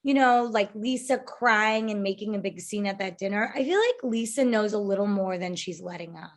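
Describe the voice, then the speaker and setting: A woman's voice: medium pitch, a little fast. A woman co-hosting a podcast, recapping reality TV in a chatty way full of fillers. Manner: chatty recapper, many fillers like "you know" and "like". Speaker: podcast co-host. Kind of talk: casual reality TV gossip chat.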